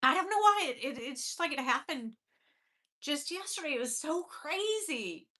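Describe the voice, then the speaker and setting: A woman's voice: high voice, animated, normal speed, sharp tone. A woman host on a livestream, telling a personal story to her viewers in a candid, emotional, casual way, with some swearing and greetings to the chat.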